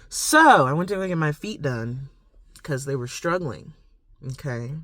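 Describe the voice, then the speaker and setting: A woman's voice: fairly low pitch, a bit bright, no echo, clean studio sound. A woman vlogging a rambling, reflective monologue, full of "like" and "you know". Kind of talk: confessional casual monologue to camera.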